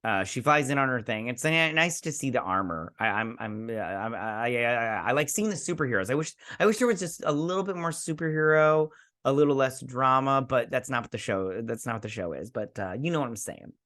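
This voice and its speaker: A man's voice: medium pitch, a little fast, sharp tone. Chatty rambling man recapping a show. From Michigan. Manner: chatty, rambling, acts out characters' lines. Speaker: host. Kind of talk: casual episode recap review.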